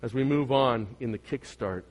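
A man preaching a sermon as pastor, asking his congregation questions and swinging from loud emphasis to soft, quiet asides. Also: mid-range voice, normal speed.

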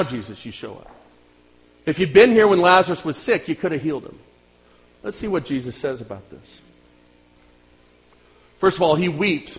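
A man preaching a sermon as pastor, talking directly to his congregation and swinging from loud outbursts to hushed lines. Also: a little high, rough recording.

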